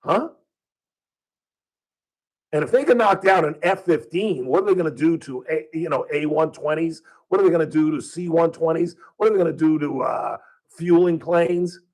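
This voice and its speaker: A man's voice: on the high side, moderate pace, a little mellow, rough recording. A male talk radio host speaking from a studio, delivering a combative opinion monologue full of rhetorical questions. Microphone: studio microphone.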